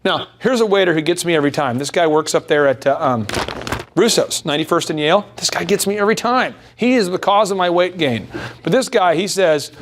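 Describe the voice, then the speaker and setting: A man's voice: fairly high pitch, animated, fast, a little hiss or hum. A man coaching a live workshop audience, emphatic and repeating key points with rhetorical questions. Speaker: business coach. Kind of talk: motivational workshop talk.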